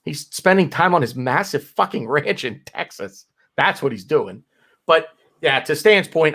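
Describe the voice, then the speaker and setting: American co-host, expressive swooping voice, restarts a lot; casual podcast talk. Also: male voice, fairly high pitch, unhurried. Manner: animated, with frequent restarts and repeated words.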